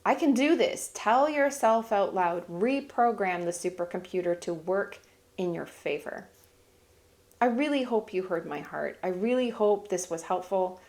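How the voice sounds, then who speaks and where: A woman's voice: medium pitch, expressive, unhurried, darkish tone. A middle-aged woman giving heartfelt, emphatic life advice as a family vlogger talking to camera. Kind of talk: earnest motivational talk to camera.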